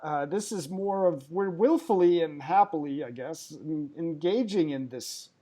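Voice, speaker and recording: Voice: medium pitch, a little slow, warm tone. A podcast host asking long, searching questions, with lots of "I guess" and "you know" fillers. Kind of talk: podcast interview.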